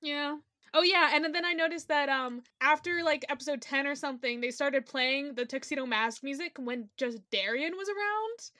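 High-voiced gushing woman fan. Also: moderate pace, sharp tone, no echo, studio quality. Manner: enthusiastic, gushing, swears casually. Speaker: podcast co-host. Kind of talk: casual fan chat about an anime.

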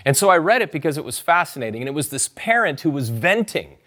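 A man giving a sermon as pastor, with a voice pitched a little high for a man. He preaches in a relaxed, conversational way, often asking his congregation to say the verse out loud with him. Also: quick pace. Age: adult parent. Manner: conversational preaching, urging the congregation to repeat scripture.

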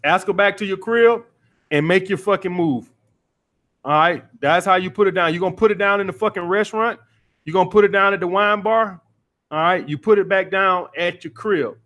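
A man's voice: high voice, normal speed, a bit bright. A man hosting a call-in dating advice podcast, blunt and profane, repeating his points as he coaches a caller.

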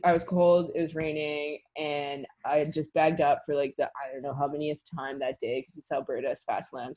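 A woman's voice: low-pitched, muffled recording. A young woman in her twenties, a tree planter telling a story in a casual interview, chatty and full of filler words. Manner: chatty, lots of "like" fillers, laughs while telling.

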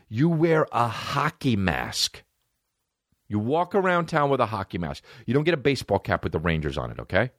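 A young podcast host tells rambling, profane comic stories in a casual monologue, full of fillers and frequent laughter. His medium-pitched voice swings widely in pitch at a moderate pace, and the recording is dry and clean, studio quality.

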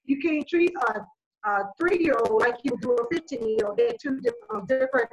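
A woman's voice: high-pitched, expressive, moderate pace, low-quality recording. A woman in casual group discussion, speaking animatedly and acting out exchanges with children. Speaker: panel guest sharing parenting views.

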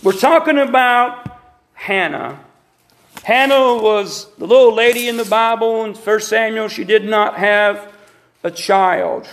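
A man's voice: high voice, slow pace, a bit bright, echoey room. A man preaching a sermon with emphatic repetition and calls to the congregation. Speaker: pastor. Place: church sanctuary.

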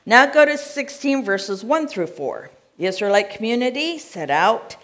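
An American woman preaching a sermon, reading scripture aloud and checking in with her listeners in a conversational way. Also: mid-range voice.

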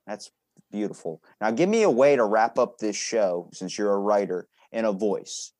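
A man's voice: fairly low pitch, normal speed, a little mellow, no room sound. A man hosting a podcast in casual chat, joking around loosely and swearing now and then. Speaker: podcast host.

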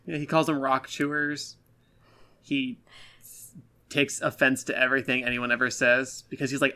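A man's voice: medium pitch, flat delivery, normal speed, long pauses, bright, forceful tone. A man co-hosting a casual podcast, giving blunt, self-deprecating critiques of an episode. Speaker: podcast co-host. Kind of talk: casual review chat.

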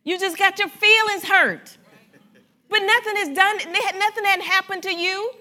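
A woman pastor preaching a sermon in an animated, conversational way, joking with and speaking directly to her congregation. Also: very high voice, moderate pace. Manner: animated, conversational preaching with humor and audience address.

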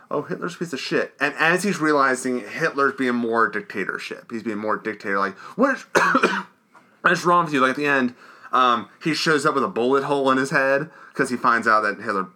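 Man co-host, rambling movie recaps with frequent throat-clearing and a sharp, bright tone. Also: mid-range voice. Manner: rambling, full of "like", keeps clearing his throat. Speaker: podcast co-host. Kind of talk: casual movie review chat.

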